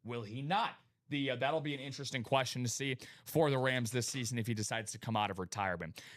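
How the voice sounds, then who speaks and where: A man hosting a live sports memorabilia stream, talking in an energetic hype style and greeting viewers by name. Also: medium pitch, quick pace. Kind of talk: casual live-stream chat.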